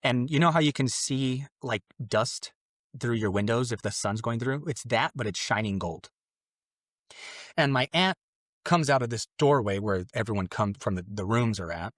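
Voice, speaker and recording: A man's voice: medium pitch, normal speed, no room sound, clean studio sound. A young man, a podcast guest, telling a personal story in a casual, rambling way, acting out what others said. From Mexican family. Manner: casual, rambling with fillers and acted-out quotes.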